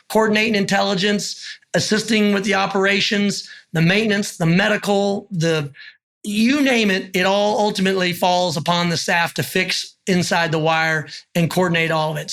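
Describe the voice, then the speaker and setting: A man's voice: high-pitched, fairly bright tone. A middle-aged man, a retired army officer, recalling his service and acting out remembered dialogue as he tells stories. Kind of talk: oral history recollection.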